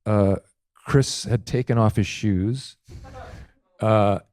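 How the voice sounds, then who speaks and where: A man's voice: on the low side, takes it slowly, no room sound, clean studio sound. A man telling backstage anecdotes in a casual chat, acting out the other people's lines as he goes. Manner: animated storyteller who acts out quotes. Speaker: guest comedian.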